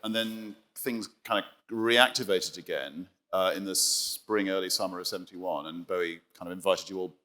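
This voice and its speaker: A man's voice: deep voice, steady tone, moderate pace, hardly any pauses, pushed and bright. A man interviewing a musician in conversation, enthusiastic, with frequent affirming interjections.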